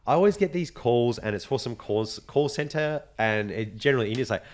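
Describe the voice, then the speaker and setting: A young man co-hosting a podcast, telling stories in a casual, animated way, swearing now and then and acting out the people he quotes. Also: mid-range voice, a little fast. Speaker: podcast co-host. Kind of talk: casual chat.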